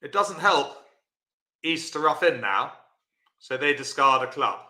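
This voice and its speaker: A man's voice: fairly high pitch, lively intonation, measured pace, bright, forceful tone, echoey room. A man teaching a live-streamed bridge lesson, chatty and encouraging, answering viewers by name.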